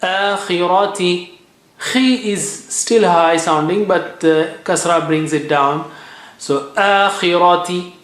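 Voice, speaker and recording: A man's voice: high-pitched, slow pace, a bit bright. A man teaching Quran recitation in a classroom lesson, patiently repeating letter sounds and words for students to copy.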